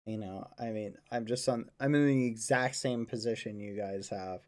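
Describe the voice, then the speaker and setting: A man chatting casually with his stream chat in a relaxed, joking way. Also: on the low side, normal speed.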